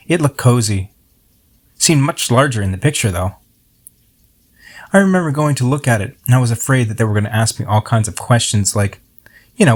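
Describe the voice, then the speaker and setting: A middle-aged man reads his own poem aloud at a middle pitch. He tells it in a reflective, unhurried way, like a personal story. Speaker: poet.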